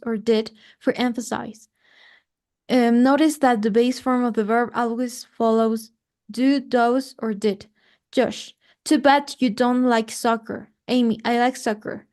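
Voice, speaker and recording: Woman student reading aloud carefully. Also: fairly high pitch. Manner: careful, steady reading with small slips. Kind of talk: reading a grammar text aloud.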